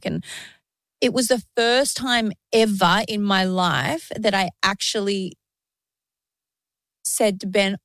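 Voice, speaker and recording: A woman's voice: mid-range voice, fairly even intonation, takes it slowly, long pauses, a bit bright, no echo, studio quality. Candid woman in her late thirties. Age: 30s. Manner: open and emotional, laughs through tough topics. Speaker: podcast co-host. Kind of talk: candid casual chat.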